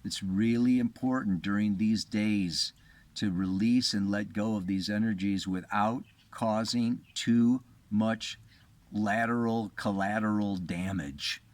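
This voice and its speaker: A man, an astrologer, giving a relaxed and rambling spiritual talk, chuckling often as he goes. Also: lowish voice, slow pace, no room sound.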